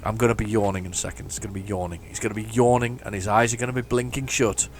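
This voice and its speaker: A man's voice: fairly low pitch, flat delivery, quick pace, slight background noise. A man giving chatty, mock-heroic commentary while playing a driving game. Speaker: gaming channel host. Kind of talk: casual gameplay commentary.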